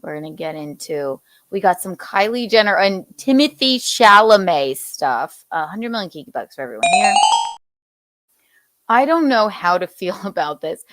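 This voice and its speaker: A woman from the American South takes her time through celebrity gossip, drawling out her words at an unhurried pace. Her manner is loose and chatty, and she laughs often. The sound is close and dry, with no room ring. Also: lowish voice, a bit bright, no echo. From Southern United States. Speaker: podcast host. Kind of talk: casual pop-culture chat.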